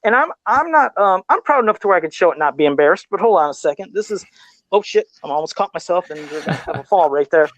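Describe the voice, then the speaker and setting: A man's voice: high voice, animated, quick pace, fairly bright tone, dry recording. A man guest on a casual podcast, a custom figure sculptor who tells stories in a rambling, self-deprecating way and chuckles often.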